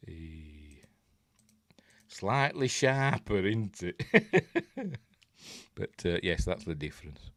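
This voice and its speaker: A Yorkshire film review livestream host with a low, fairly bright voice speaks extremely slowly, leaving long pauses yet sounding very animated. Rambling and chuckling, he answers viewer comments casually. The recording is dry and studio quality.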